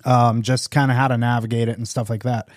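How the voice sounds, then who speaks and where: A man's voice: mid-range voice, level tone, brisk, dry recording, clean studio sound. A man co-hosting a recovery podcast, talking candidly in a rambling way with lots of fillers. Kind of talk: casual conversation.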